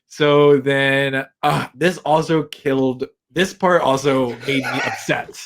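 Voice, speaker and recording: A man's voice: medium pitch, fairly even intonation, slow pace. A young man co-hosting a podcast, chatting casually and gossiping about reality TV, acting out quotes and swearing freely. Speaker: podcast co-host. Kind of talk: casual chat recapping reality TV.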